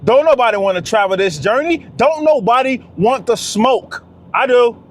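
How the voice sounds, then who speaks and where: A man delivers a fired-up monologue to camera. His voice sits high for a man, and he hammers his points home again and again, calling out to his listeners as fellas. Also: animated, moderate pace. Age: 30s. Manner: preachy, repetitive, talks straight to "fellas". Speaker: vlogger.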